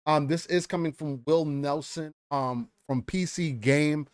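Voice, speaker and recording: A man's voice: fairly high pitch, a little slow, dry recording, clean studio sound. A man co-hosting a casual gaming podcast, talking loosely and hyped, with casual swearing. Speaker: podcast co-host.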